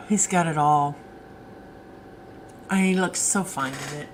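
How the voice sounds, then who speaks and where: A woman's voice: deep voice, unhurried, noisy background. A woman author hosting a casual live stream, chatting and answering viewer comments as they come in.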